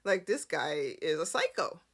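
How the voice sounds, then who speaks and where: A woman retelling a soap scene, quoting a young man in an earnest, rushed way. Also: fairly high pitch, sing-song, a bit bright, voice pushed down, full character voice. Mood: alarmed. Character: young man warning about a dangerous man.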